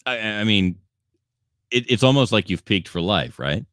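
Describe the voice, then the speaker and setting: A man co-hosting a podcast with dry, deadpan quips in casual banter. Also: lowish voice, moderate pace, smooth, no room sound. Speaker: podcast co-host. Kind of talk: casual banter and mock newscaster reads.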